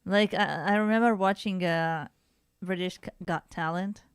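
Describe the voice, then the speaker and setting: Brief: talkative woman podcast co-host, dry close sound, smooth timbre. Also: fairly low pitch, fairly even intonation, normal speed, dry recording. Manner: chatty, laughing, frequent restarts. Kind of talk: casual chat.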